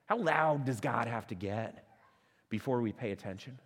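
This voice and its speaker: A man preaching a sermon as pastor, conversational and animated, asking rhetorical questions and restarting phrases. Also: medium pitch, normal speed, breathy edge, long reverb tail. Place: church sanctuary.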